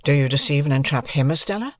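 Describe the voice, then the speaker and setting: Reader doing earnest young man, hurt, pleading, slow, slightly raised voice, dry recording. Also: on the high side, animated, no echo, natural voice. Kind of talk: audiobook character voice.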